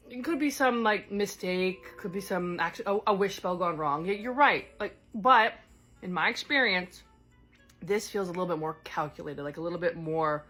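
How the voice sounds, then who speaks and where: A woman's voice: medium pitch, fairly bright tone. A woman voicing a chatty goddess stranded in another world. She speaks in a rambling way, full of fillers and self-corrections. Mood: thoughtful. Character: chatty displaced goddess, scattered but caring. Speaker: one-sided role-play character. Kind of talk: improvised solo role-play.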